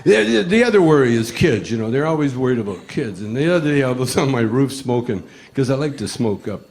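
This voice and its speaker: A man's voice: medium pitch, lively intonation, fairly quick, slight background noise. An older man doing stand-up comedy, telling rambling, laid-back stories with chuckles. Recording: live comedy record with loud audience.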